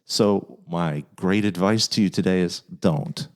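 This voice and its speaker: A man's voice: sits low, a little slow, a little mellow. A man hosting an advice podcast, talking in a playful, earnest and uplifting way. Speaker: podcast host giving advice. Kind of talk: casual advice podcast chat.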